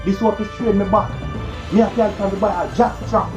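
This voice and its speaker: Guy doing a crude jamaican loudmouth ranting on, music under it. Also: high voice, steady tone, a little fast, highs cut off, lightly acted. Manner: ranting, crude patois monologue. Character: boastful, crude Jamaican man scolding a woman.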